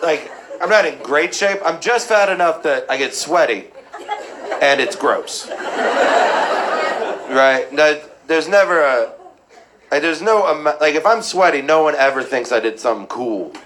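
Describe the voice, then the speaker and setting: A man's voice: a little high, a little slow, background noise. A man doing a stand-up routine, joking about himself to a laughing audience. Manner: self-deprecating, animated. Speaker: stand-up comedian. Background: loud audience laughter.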